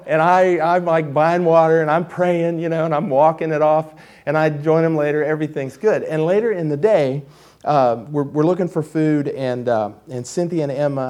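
A middle-aged pastor preaches a sermon built around a personal story, his slightly high voice delivering it emphatically before dropping into quiet intensity.

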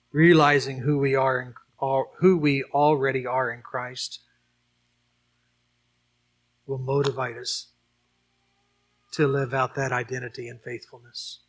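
A man's voice: mid-range voice, a bit bright. A man preaching a sermon and leading a closing prayer, earnest and building to emphatic repeated questions. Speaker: pastor.

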